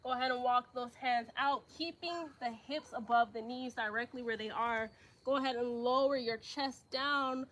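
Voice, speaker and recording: A young woman yoga instructor, slightly out of breath, giving calm breathing cues with casual slang asides. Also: fairly high pitch, normal speed, a little hiss or hum. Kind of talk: live yoga class instruction.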